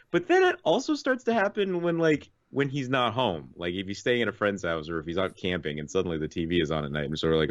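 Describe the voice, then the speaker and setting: Man, very low voice, rambling storyteller, dry dull lo-fi sound. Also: big pitch swings, a little fast, hardly any pauses, no echo. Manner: rambling storyteller, laughs often. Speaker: podcast co-host. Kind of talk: casual chat.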